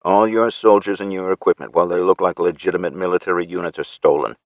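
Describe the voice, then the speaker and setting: Man, audiobook narrator, very deep voice, measured steady first-person reading, dry dull recording. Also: no echo.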